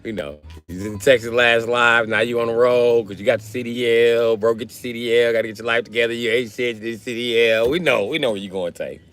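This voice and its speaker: A man's voice: mid-range voice, steady tone, fairly quick, hardly any pauses, a bit bright. A man chatting casually on a livestream, reading comments and trading crude, joking banter with his viewers. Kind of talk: casual live stream chat. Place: South Carolina.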